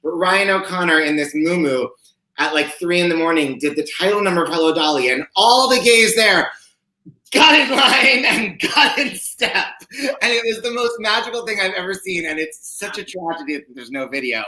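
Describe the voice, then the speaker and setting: A man's voice: high-pitched, lively intonation, brisk, bright, forceful tone. Chatty campy man in an echoey kitchen. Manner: chatty, campy, many fillers. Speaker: co-host. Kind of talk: casual chat. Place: home kitchen.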